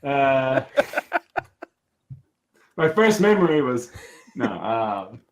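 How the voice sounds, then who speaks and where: A man co-hosting a podcast, chatting casually in a halting way that often trails off. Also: medium pitch, slight background noise. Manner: halting, trails off, lively intonation. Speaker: podcast co-host. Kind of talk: casual chat.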